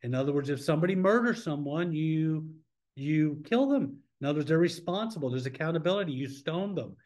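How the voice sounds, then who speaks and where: A man leading a church Bible study in a relaxed, conversational way, asking the class questions as he teaches. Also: fairly high pitch, fairly quick. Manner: informal, asks the class questions.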